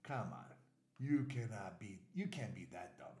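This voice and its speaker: Blunt New York man, animated. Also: on the low side, unhurried, roomy sound. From New York, USA. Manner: animated, blunt, repeats warnings for emphasis. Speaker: travel vlogger. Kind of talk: casual direct-to-camera warning talk.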